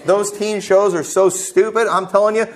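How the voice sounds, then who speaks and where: Brief: higher-voiced male pastor, fervent and blunt from the pulpit, church setting. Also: fairly even intonation, normal speed. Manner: fervent, blunt preaching with asides to the congregation; quotes scripture. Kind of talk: sermon. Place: church sanctuary.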